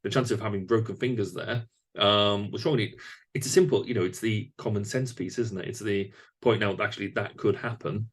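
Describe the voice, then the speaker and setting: Low-voiced podcast host. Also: male voice, fairly even intonation, a little fast. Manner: thoughtful, with frequent fillers and restarts. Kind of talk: conversational interview.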